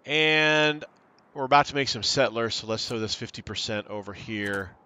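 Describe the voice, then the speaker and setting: With a clean, medium-pitched voice that's bright and forceful, a gaming channel host talks at normal speed through a strategy game. He casually thinks out loud and reads the screen's options in this let's-play commentary.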